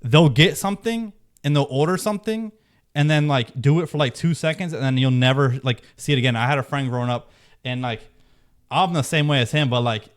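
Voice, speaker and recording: A man's voice: mid-range voice, brisk. A man hosting his own video, talking casually and rambling with many restarts and fillers. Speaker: video host. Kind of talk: casual talk to camera.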